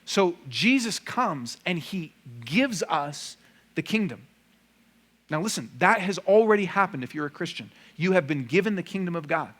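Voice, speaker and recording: A man's voice: high-pitched, expressive, moderate pace, fairly bright tone. A male pastor delivering a sermon in a church, in a conversational style with frequent rhetorical asides. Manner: conversational preaching with rhetorical questions. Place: church room.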